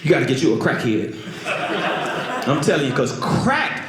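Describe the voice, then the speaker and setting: A man doing a stand-up comedy routine, telling stories animatedly, swinging from loud yelps to low mutters. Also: very animated, moderate pace, background noise. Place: comedy club stage. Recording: roomy live stage sound with crowd. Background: laughing audience.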